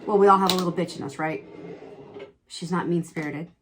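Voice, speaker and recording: A middle-aged woman chatting through a makeup tutorial, candid and quick to exclaim, telling a personal story as she works. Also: fairly low pitch, steady tone, a little hiss or hum. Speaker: beauty vlogger.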